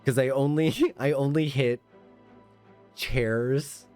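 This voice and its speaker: A man streaming a game, chatting in an excitable, rambling, self-mocking way from a home setup. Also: medium pitch, takes it slowly, soft background music. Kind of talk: casual game stream commentary.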